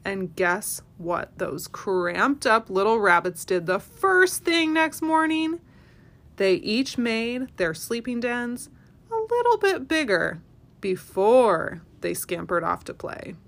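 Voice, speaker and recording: A woman, a parent hosting a family podcast, reading a children's storybook aloud with expressive, animated delivery. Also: a little high, slow pace.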